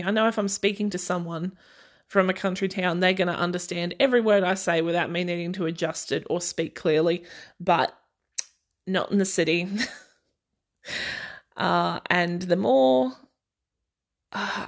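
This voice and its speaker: An Australian woman hosting a podcast, talking casually on her own in a chatty, sarcastic way and laughing often. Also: fairly low pitch. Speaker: podcast host. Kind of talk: casual solo chat.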